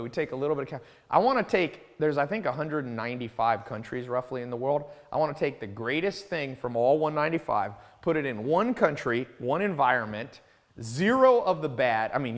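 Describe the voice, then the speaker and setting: This is a man hosting a mentoring call, lecturing off the cuff. He is blunt and ranting, his pitch and loudness swinging a lot. His voice rings out in a long reverb. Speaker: host of a mentoring live call.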